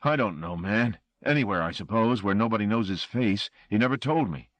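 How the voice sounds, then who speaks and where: A man's voice: on the low side, lively intonation, brisk, fairly bright tone, dry recording, pitched above the performer's own voice. A man voicing a frightened, blustering male chauffeur who insists and pleads. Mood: pleading.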